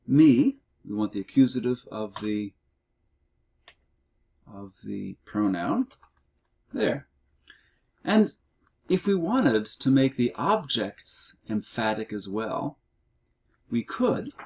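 Middle-aged guy teacher going over homework, slow, kinda low gravelly voice. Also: a little mellow. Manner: slow, measured explaining with fillers. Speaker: Greek teacher. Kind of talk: recorded homework walkthrough lesson.

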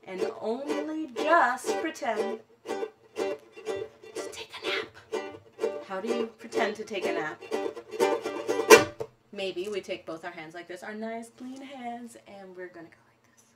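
A woman musician talking gently to children at home, encouraging them to join in and often dropping to a whisper. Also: a little high, big pitch swings, slow pace, pauses often, loud music behind the voice. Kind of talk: gentle sing-along talk to children.

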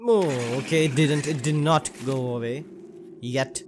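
A man's voice: on the high side, measured pace, a little hiss or hum. Jokey young man commenting on gameplay. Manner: jokey, excitable, swears. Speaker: gaming channel host.

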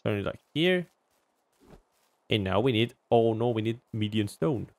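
A man giving casual gameplay commentary as a gaming YouTuber, talking to himself and jumping from loud outbursts to mumbling. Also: on the low side, lively intonation, unhurried, vocal fry.

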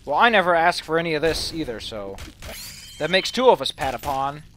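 Let's player, goofy and sweary, fairly high voice, bouncy delivery. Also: male voice, very animated, brisk, sharp tone, slight background noise. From Netherlands. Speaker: let's play host. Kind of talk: gameplay commentary.

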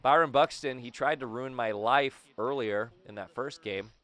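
Hyped young man, bright crisp voice. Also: mid-range voice, moderate pace, no room sound. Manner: hyped, talks to himself and the game. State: slightly raspy throat. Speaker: gaming video host. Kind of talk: excited gameplay commentary.

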